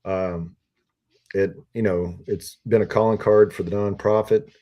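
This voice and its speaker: Low, mellow-voiced man telling stories. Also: fairly even intonation, unhurried, highs cut off. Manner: rambling, filler-heavy storytelling with many ums and uhs. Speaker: podcast guest, retired Army officer. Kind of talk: casual storytelling interview.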